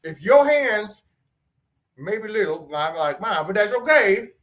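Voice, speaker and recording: Man, co-host; teasing, mock-brash trader slang, lively and slightly high. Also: takes it slowly. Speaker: co-host of an investing show. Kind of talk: joking stock chart chat.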